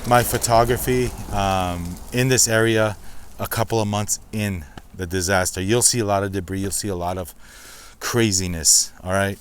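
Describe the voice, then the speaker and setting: Man, lowish voice, casual outdoor walk-and-talk vlog, slightly out of breath, chatty and reflective. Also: steady tone, moderate pace, a little hiss or hum. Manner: chatty, addresses viewers as guys, reflective. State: out of breath walking uphill. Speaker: slots channel host. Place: outdoors, walking up a steep hill.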